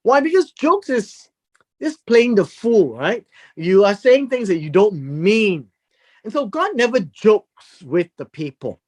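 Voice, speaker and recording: A Bible teacher giving a verse-by-verse lesson, explaining word meanings deliberately and emphatically, often repeating phrases. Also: medium pitch, big pitch swings.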